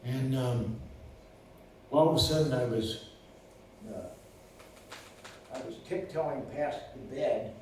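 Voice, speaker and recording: A man's voice: medium pitch, slow pace, long pauses. Older man spinning rambling stories in an echoey room. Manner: rambling, with many fillers and restarts. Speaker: lawyer and guest. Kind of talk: casual storytelling. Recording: roomy distant recording with faint noise.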